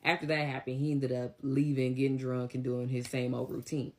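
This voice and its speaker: A young woman telling a story in a casual vlog, blunt and animated, acting out the dialogue. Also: a bass voice, a little fast.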